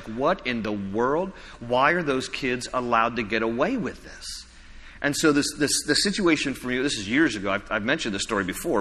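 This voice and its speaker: A man preaching a sermon as a pastor, telling stories with asides and chuckling at himself. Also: fairly high pitch. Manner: animated storytelling with asides and self-deprecating laughs. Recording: echoey hall reverb.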